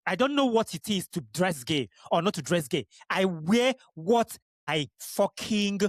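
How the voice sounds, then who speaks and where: A man's voice: high voice, animated, unhurried, dry recording, studio quality. A young adult man from Nigeria, hosting a podcast. He talks straight to the listener in a passionate, blunt solo monologue and swears often. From Igbo region of Nigeria. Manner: emphatic, blunt, frequent swearing, direct address. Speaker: podcast host.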